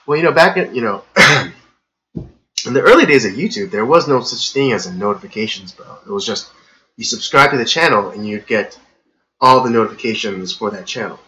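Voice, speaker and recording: Male podcast host, rambling filler-heavy rant, bright forceful voice, slightly dull lo-fi audio. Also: medium pitch, expressive, fairly quick. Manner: gets worked up and ranting. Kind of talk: casual live-stream monologue.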